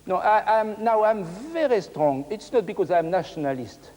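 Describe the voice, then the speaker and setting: A man's voice: high-pitched, expressive, normal speed, a little mellow. An older man whose first language is French, coaching a masterclass in broken English, singing phrases aloud and mixing in French words. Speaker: cello teacher. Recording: hall with music playing.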